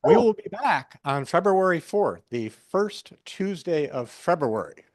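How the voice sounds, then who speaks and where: A man hosting a cafe open mic, making announcements with lots of halting fillers. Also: on the high side, very animated, dry recording, studio quality. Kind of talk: event announcements. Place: small cafe.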